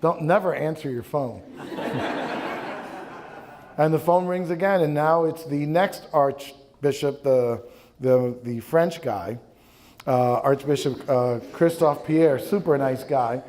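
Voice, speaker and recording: A man's voice: a little high, takes it slowly, darkish tone. A man in his fifties from the New York area, a bishop telling wry personal stories to a live audience with plenty of ums and uhs. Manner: wry anecdotal storytelling, many ums and uhs. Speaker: bishop, guest speaker. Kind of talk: storytelling talk to a young adult audience. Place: live talk event before an audience.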